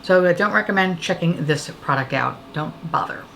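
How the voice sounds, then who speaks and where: A woman's voice: lowish voice, moderate pace, vocal fry, background noise. A woman with a New York accent reviewing beauty products in a casual, profane and sarcastic way. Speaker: beauty vlogger.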